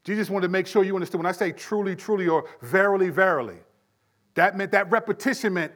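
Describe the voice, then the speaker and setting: A man with a notably high-pitched voice teaches scripture in a relaxed, conversational sermon. He leans into emphatic phrases, then sinks his voice low and quiet when a point turns serious. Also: quick pace. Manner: conversational, emphatic, drops to hushed tones for weight. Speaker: preacher.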